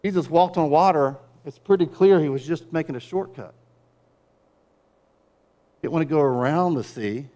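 A middle-aged man preaching a sermon as pastor, with wry conversational asides, dropping to quiet low passages and building to loud, driving peaks. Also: moderate pace, long pauses.

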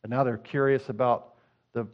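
A middle-aged man preaching a sermon as pastor, talking conversationally and moving between hushed asides and fervent appeals. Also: mid-range voice, fairly even intonation, moderate pace, dull audio.

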